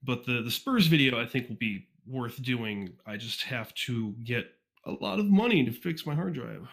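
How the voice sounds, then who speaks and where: With a mid-range, fairly bright voice carrying vocal fry, this podcast guest sounds animated at a normal pace. He's a fan fiction reviewer in a casual interview, rambling and self-deprecating with plenty of fillers and restarts.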